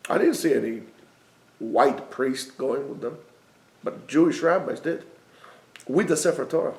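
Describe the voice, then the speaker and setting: A man's voice: mid-range voice, lively intonation, measured pace, a little mellow. A man teaching a Torah class, speaking emphatically and repeating key phrases for stress. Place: classroom in a basement yeshiva. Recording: echoey room.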